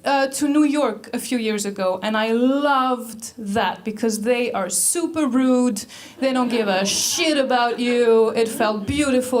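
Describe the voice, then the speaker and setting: An Icelandic woman in her thirties doing stand-up comedy, her voice sitting a little high. She tells her jokes in a dry, self-mocking way. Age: 30s.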